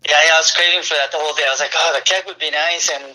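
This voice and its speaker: A man from Winnipeg hosting a radio talk show, relaxed and jokey with lots of fillers. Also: a little high, rapid-fire, low-quality recording. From Winnipeg, Canada. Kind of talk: casual chat.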